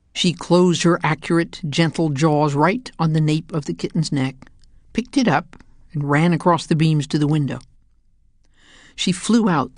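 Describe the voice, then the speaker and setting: A woman narrates a children's story in a calm, measured way. Her voice sits low, and the recording is dry and close with no room sound. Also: dry recording. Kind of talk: audiobook narration.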